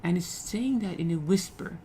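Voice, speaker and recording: A man's voice: high-pitched, normal speed, warm tone, a little hiss or hum, low-quality recording. A man teaching literature, explaining a poem line by line, repeating phrases and often checking in with "okay?".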